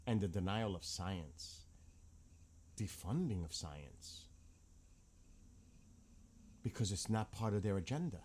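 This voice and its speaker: A man's voice: deep voice, expressive, slow pace, pauses often, darkish tone, slight background noise. A man ranting bluntly about politics in a casual vlog, heated and swearing often. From United States. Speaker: vlogger.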